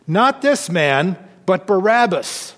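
A man's voice: sits high, very animated, takes it slowly, a bit bright, full character voice. A man reading the words of an angry crowd of male accusers, with insistent, raised demands. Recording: long reverb of a church hall.

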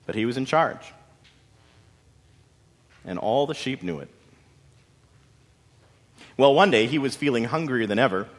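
Unhurried and pausing often, this male storyteller narrates dramatically and expressively, with folksy asides along the way. His pitch moves across a wide range, and a long hall reverb lingers behind every phrase.

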